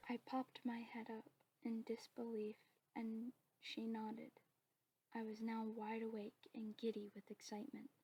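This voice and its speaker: A woman narrating her own story in a soft, steady whispered role-play. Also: on the high side, unhurried, a little hiss or hum, poor audio.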